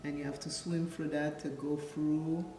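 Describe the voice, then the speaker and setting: A woman's voice: sits low, flat delivery, moderate pace, mellow, a little hiss or hum. A woman from Dominica, a makeup vlogger, chatting playfully through a tutorial and drifting into childhood stories. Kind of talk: casual makeup tutorial chat. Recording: echoey room with the mic at a distance. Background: faint music.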